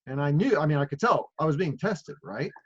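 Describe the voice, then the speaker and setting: A man's voice: a little high, animated, a little fast, breathy edge. A middle-aged man leading a group call with a casual, rambling, storytelling way of talking and many fillers. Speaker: leader of a sales group call. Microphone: phone or video call. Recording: muffled call audio.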